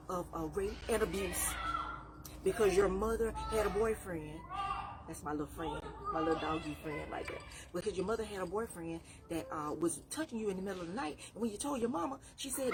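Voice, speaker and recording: A woman's voice: mid-range voice, animated, brisk. A woman life coach giving a faith-based motivational talk, preachy and repeating phrases for emphasis.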